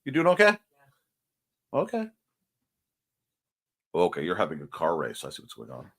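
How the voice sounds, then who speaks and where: A man's voice: mid-range voice, huge pitch swings, normal speed, long pauses, a bit bright, slightly rough. A man hosting a casual livestream morning show, chatting playfully as he reads out and answers viewer comments. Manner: chatty and playful, jumping between topics.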